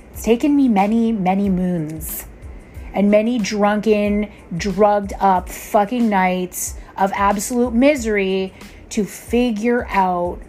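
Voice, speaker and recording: A woman hosting her first solo podcast, swearing freely and talking bluntly and emphatically straight to her listeners, tired after an early start. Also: mid-range voice. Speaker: podcast host. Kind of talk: raw unscripted solo podcast rant.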